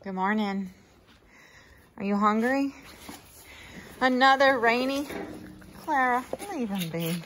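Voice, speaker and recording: A woman's voice: fairly high pitch, takes it slowly, pauses often, a bit bright, slight background noise. Chatty woman farm vlogger. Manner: chatty, heartfelt, says y'all a lot. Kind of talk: casual vlog chat to camera.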